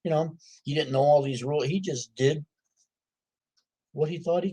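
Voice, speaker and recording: An animated man tells a folksy story, throwing in asides as he goes. His voice sits a little higher than most men's. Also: normal speed, husky. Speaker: author. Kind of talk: storytelling to a live audience.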